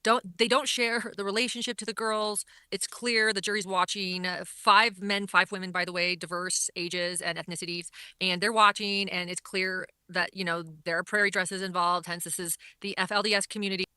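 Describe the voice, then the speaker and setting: A woman's voice: mid-range voice, little pitch movement, normal speed, few pauses, bright, forceful tone, clear, resonant tone, dry recording. A woman commentator recapping a court hearing in an earnest, repetitive way, often restarting her sentences. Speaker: online commentator.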